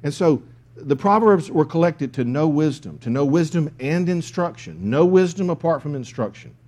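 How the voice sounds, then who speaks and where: Male pastor, sermon delivery, lively intonation, mellow tone, emphatic and repetitive. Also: on the high side, normal speed. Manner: emphatic, repeats key phrases.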